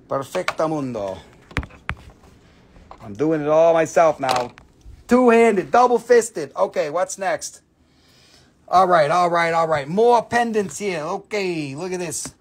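A man's voice: on the high side, slow pace, long pauses, slight background noise. Chatty man rattling off prices. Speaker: host of a live mineral sale stream. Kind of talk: casual live-stream selling. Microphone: phone camera.

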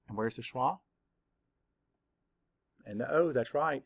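A man teaching a spelling lesson to young children, spelling out letters slowly and patiently. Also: medium pitch, gravelly, breathy edge, no echo. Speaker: third-grade teacher.

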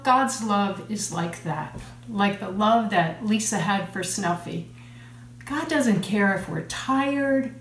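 A woman speaks slowly and gently, leading a children's communion talk. The room is echoey, and a faint hum sits behind her voice. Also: mid-range voice. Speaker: church communion leader.

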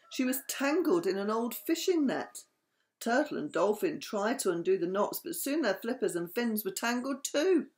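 Gentle grandmother reading a bedtime story. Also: mid-range voice. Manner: gentle, soothing, sing-song.

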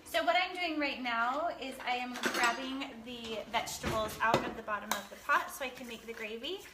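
A woman's voice: a little high, normal speed, heavy background noise. A woman hosting a casual home cooking video, explaining each step in a chatty way. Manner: chatty, explains steps while laughing easily. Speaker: cooking show host. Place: home kitchen. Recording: echoey kitchen with clattering dishes.

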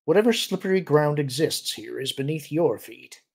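A man's voice: on the high side, expressive, vocal fry, a little mellow, breathy edge, heavily acted. A man voicing a composed senior male admiral who speaks coolly and with authority. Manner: cool, measured.

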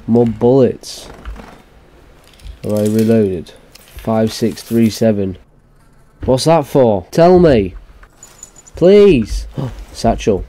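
Slow, mellow gamer swearing in frustration. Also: male voice, mid-range voice. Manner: frustrated, swearing, muttering at the game. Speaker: gamer streaming a horror game. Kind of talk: let's-play commentary.

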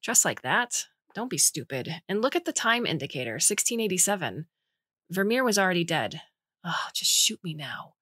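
A woman's voice: lowish voice, sing-song, normal speed, a bit bright, no room sound, clean studio sound. A woman voicing a nasty, impatient female engineer who swears and snaps, in a storybook reading. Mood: scornful.

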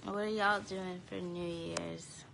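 A tired young woman chatting casually to viewers on a phone live stream from home, talking in a drowsy, low-energy way. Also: fairly even intonation, takes it slowly, vocal fry, background noise. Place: home, indoors.

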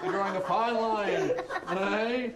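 A man's voice: sits high, slow pace, recorded from a distance, very noisy. A man, laughing as he puts on a mocking schoolboy-bully voice in a film scene. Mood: jeering. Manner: laughing through a jeering mock voice. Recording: echoey film scene with loud crowd.

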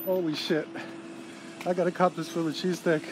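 An excited man rambles and swears his way through a story in a fairly high voice, recorded on a handheld phone outdoors. Loud street noise and passing traffic sit under his voice throughout. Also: fairly quick. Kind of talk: casual vlog monologue. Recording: noisy street background.

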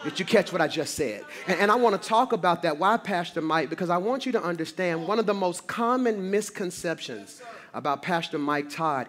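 A man preaching as a guest pastor at a large church, rousing and often shouting, repeating lines for emphasis in a call-and-response sermon. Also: high voice, noisy background. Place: large church, live service.

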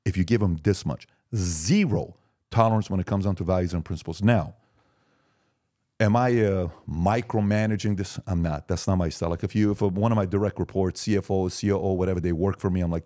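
With a low voice and a fairly quick delivery, this forty-something podcast guest chats casually, full of emphasis and lively anecdotes.

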